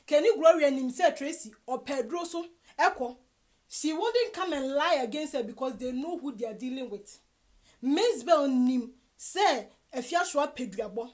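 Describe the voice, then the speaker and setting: A Ghanaian woman giving animated gossip commentary, mixing Twi and English with loud exclamations. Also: high voice, moderate pace.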